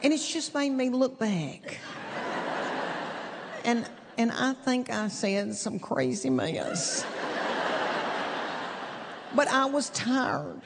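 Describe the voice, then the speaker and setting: On a theater stage, a middle-aged woman tells folksy, self-deprecating stand-up stories and stretches out her punchlines. Her gravelly, expressive voice sits on the high side and moves very slowly with frequent pauses. The live recording has long reverb, audience laughter, and noise.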